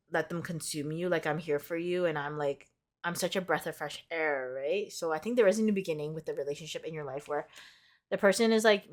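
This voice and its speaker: A woman's voice: fairly low pitch, fairly bright tone. A young woman giving a casual tarot reading to her viewers, chatty and giggly, full of "like" fillers, and a little sick. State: sick, with bouts of laughter. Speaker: tarot card reader.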